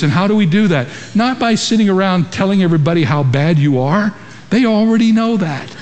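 A man's voice: fairly high pitch, a little mellow. A man preaching a sermon to a congregation in a large church, using emphatic rhetorical questions. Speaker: pastor. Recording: long reverb of a large hall.

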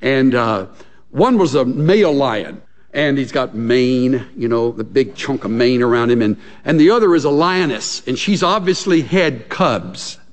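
Lively preacher in a reverberant hall. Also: male voice, mid-range voice, a little slow. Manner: animated storytelling with laughter and acted-out asides. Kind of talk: sermon. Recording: long reverb from a large hall.

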